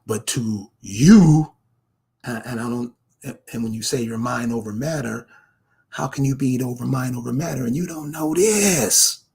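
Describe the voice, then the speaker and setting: Gravelly, slow-talking man ranting. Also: medium pitch, a little mellow. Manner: confrontational, fires rhetorical questions at the viewer. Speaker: online commentator. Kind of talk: ranting commentary to camera.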